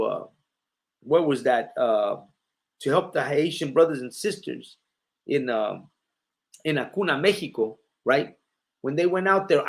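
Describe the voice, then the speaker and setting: A man's voice: sits high, a bit bright. A man preaching a sermon, passionate and rhetorical, firing questions at his listeners with frequent fillers and restarts. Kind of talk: street-style sermon.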